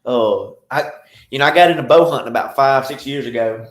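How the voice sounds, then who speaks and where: A man's voice: mid-range voice, a little fast. Laid-back man in a roomy space. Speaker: podcast guest, game warden. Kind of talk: casual chat.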